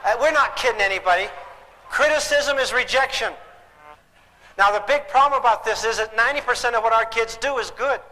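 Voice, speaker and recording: A man's voice: extremely high pitch, fairly quick, sharp tone. An older man giving a live parenting lecture, folksy and joking, often asking the audience questions. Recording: hall reverb, faint background noise.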